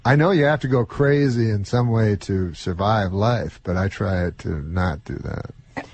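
A man in a played clip, musing in a deadpan, unhurried way about life and eternity. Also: on the low side. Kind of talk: musing monologue.

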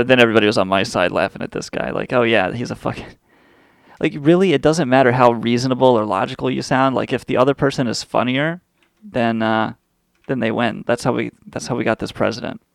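Gravelly sarcastic man ranting on air. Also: medium pitch, a little fast, dry recording, clean studio sound. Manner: crude, sarcastic rant with frequent swearing. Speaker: radio show host. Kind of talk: profane comedic monologue.

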